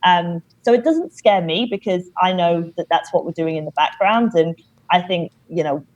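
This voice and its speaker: A woman guest on a podcast, explaining things in a measured way with many "you know"s. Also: on the low side, darkish tone, lo-fi sound. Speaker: company founder, podcast guest. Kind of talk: casual interview talk.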